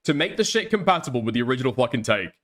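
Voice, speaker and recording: A man's voice: mid-range voice, rapid-fire. A man co-hosting a commentary show, ranting casually with frequent swearing. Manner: heavy swearing, animated ranting. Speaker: co-host. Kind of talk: casual opinionated chat.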